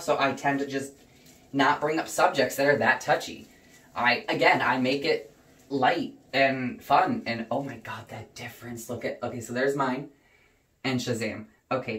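A young adult vlogger with a mid-range voice sits back from the microphone and rants casually while dyeing hair, heated, animated and heavily profane. The room gives the voice a noticeable echo.

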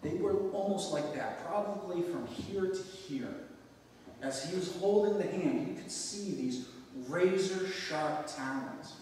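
A man's voice: a little high, warm tone, a little hiss or hum. A man preaching a sermon as pastor, reading scripture aloud and then explaining it in loose conversational asides. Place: church sanctuary. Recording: echoey church hall, mic at a distance.

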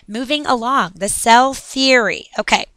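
Bright, crisp woman teaching a lesson. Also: on the high side, a little slow, no echo. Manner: upbeat, chatty, with asides. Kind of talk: recorded classroom lesson.

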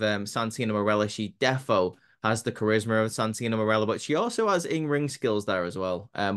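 A man's voice: mid-range voice, fairly bright tone. A man casually recapping a wrestling show, rambling with many fillers and restarts. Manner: rambling, many ums and restarts, laughs at own jokes.

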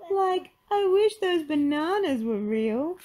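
Woman putting on a goofy, jittery storybook guy, always hungry, high whiny drawl, slow and stretched out. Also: animated, warm tone. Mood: wistful.

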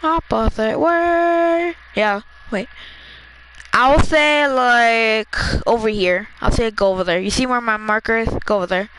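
A gamer chatting casually during a match, excitable and quick to laugh, giving a teammate quick instructions. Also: medium pitch, a little hiss or hum, low-quality recording. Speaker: gamer playing with a friend. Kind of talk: casual gameplay chat.

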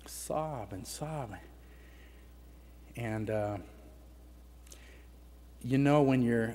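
A middle-aged man with a medium-pitched, darkish voice tells a personal testimony story at a conference, acting out family dialogue in a conversational manner. The reverberant hall carries faint background noise.

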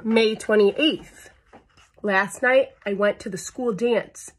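Slow breathy woman reading to kids. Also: medium pitch, a bit bright. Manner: chats to young listeners between pages; playful sound effects. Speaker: storyteller reading a picture book aloud. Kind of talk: children's read-aloud storytime.

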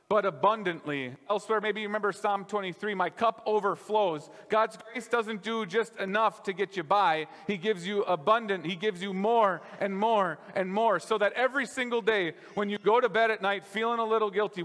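Brief: male pastor, fairly high voice, easygoing sermon delivery, long church-hall reverb. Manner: conversational preaching, drops softer on key lines. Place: church sanctuary.

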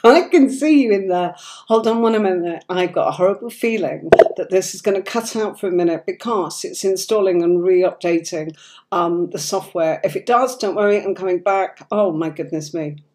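A woman with a cold and a hoarse voice, hosting a live tarot stream and chatting affectionately while she sorts out the software. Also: fairly low pitch, moderate pace, a little hiss or hum.

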